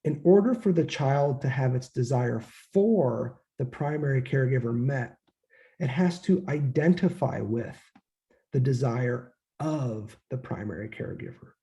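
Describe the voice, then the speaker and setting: In this dull-sounding recording, a man with a mid-range, warm voice speaks at a measured pace. He gives a casual, conversational lecture, acting out quoted voices and swearing occasionally.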